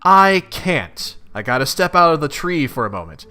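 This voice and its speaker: A man's voice: a little high, very animated, normal speed, bright, forceful tone, soft background music. A man voicing a cheerful, cryptic young female troll. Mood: chipper.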